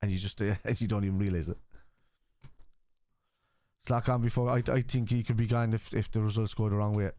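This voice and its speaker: A man's voice: lowish voice, fairly even intonation, brisk, pauses often, mellow, dry recording. A man with an Irish accent hosting a livestream football watchalong. He argues bluntly with viewers in the chat and swears casually. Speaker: host.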